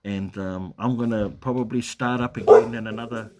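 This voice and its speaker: Low-voiced New Zealand man chatting live. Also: fairly even intonation, moderate pace, very noisy. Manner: rambling, many fillers and restarts, chuckles often. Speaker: live stream host. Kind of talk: casual live stream chat reading comments.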